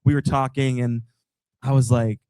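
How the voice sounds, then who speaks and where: Young man, dry close sound, lively storyteller. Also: mid-range voice, normal speed, clean tone, no room sound. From Boston area. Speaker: team TV analyst, guest. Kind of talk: live podcast chat. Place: live show with audience.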